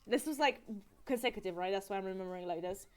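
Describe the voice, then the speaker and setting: Animated woman chatting on a live stream. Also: medium pitch, fast, smooth. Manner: animated and giggly, with frequent fillers. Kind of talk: casual live-stream recap.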